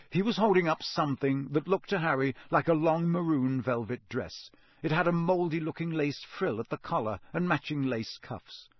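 A man narrating a storybook audiobook in an expressive, scripted way. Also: medium pitch, dry recording. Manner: expressive, acts out every character.

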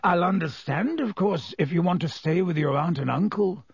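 A man voicing a gaunt, croaky escaped convict who is the hero's godfather, speaking in halting, earnest phrases in an audiobook reading. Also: high voice, no room sound, clean studio sound, voice pushed up, heavily acted. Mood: earnest hesitant. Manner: halting, earnest, then urgent.

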